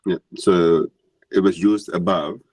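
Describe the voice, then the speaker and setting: Very deep-voiced man, native Urdu speaker. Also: fairly even intonation, a little mellow, slightly rough, no room sound. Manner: halting, restarts mid-phrase. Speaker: class host and teacher. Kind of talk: guiding a language lesson.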